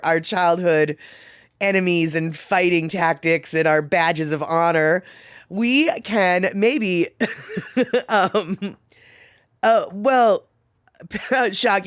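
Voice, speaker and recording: Reading chat in a casual session, a middle-aged streamer rambles chattily through stories, laughing often and restarting. The middle-pitched voice sounds clean, captured close and dry without any room sound.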